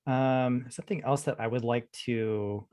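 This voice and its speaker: A man's voice: medium pitch, fairly even intonation, unhurried, a little mellow, smooth, no echo, studio quality. A man hosting a panel, posing questions to the guests in a casual, friendly way. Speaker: host.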